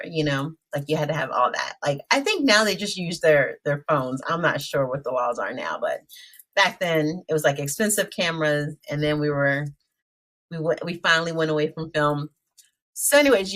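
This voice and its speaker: A woman's voice: on the low side, a bit bright. A middle-aged woman with a Mid-Atlantic US accent, hosting her own vlog and telling stories to the camera in a chatty way, laughing and talking straight to her viewers. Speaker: vlog host. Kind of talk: casual storytelling to camera.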